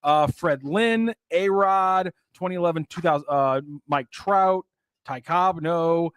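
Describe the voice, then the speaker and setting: A man's voice: fairly high pitch, slow pace, a bit bright, smooth, no room sound. A man in his thirties running a trivia segment on a sports talk show, upbeat and announcing. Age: 30s. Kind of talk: casual sports radio chat. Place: radio studio.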